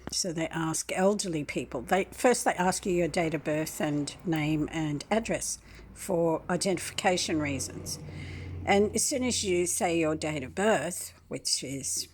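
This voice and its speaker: A woman in her sixties, rambling through a complaint to the camera and clearing her throat often. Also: deep voice, a little slow, a little mellow, slight background noise. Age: 60s.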